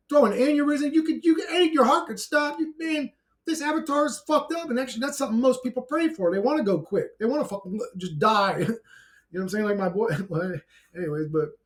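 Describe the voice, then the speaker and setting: A man giving a brash, blunt, profane ranting monologue to his own channel, laughing between outbursts. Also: extremely high pitch. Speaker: YouTuber.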